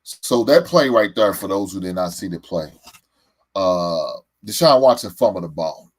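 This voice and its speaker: Low-pitched male sports host, exasperated fan rant, stammers and repeats. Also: lively intonation, normal speed.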